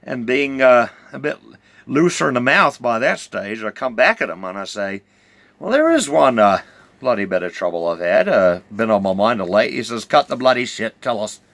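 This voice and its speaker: Brief: middle-aged New man, rambling stammering storyteller, lively pitch, very dry close recording. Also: normal speed, dry recording. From New Zealand. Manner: rambling, stammering, full of hesitations. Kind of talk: rambling comic yarn.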